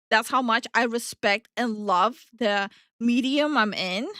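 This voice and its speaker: Exasperated ranting woman, higher voice. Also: bright, forceful tone, no echo, studio quality. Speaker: VTuber co-host. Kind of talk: casual reaction commentary.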